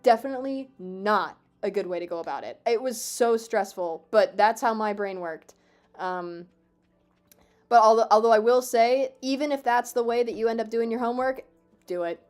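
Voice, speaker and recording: A woman in her twenties streaming a game, chatting casually with her viewers, swearing freely, excitable and self-mocking. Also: on the high side, normal speed, soft background music. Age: 20s. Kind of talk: casual live-stream chat.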